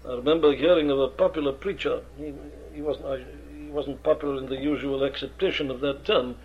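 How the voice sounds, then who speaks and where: A man's voice: medium pitch, steady tone, brisk. A man, an experienced preacher lecturing earnestly on how to preach, with emphatic rhetorical questions. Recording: dull lo-fi archive recording.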